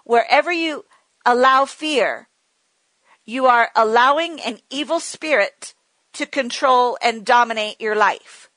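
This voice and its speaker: A woman's voice: on the high side, slow, fairly bright tone, no room sound, low-quality recording. A middle-aged woman teaching a sermon in a firm, repetitive way, leading her listeners to say declarations back to her. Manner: firm, repetitive, leads call-and-response declarations. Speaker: Bible teacher.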